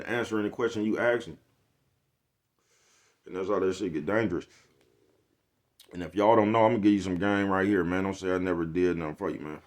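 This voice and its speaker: Male vlogger, lowish voice, loose slangy monologue, keeps checking in with his audience. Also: darkish tone. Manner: laid-back slangy rant, repeats "you get what I'm saying". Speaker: channel host. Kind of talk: casual vlog monologue.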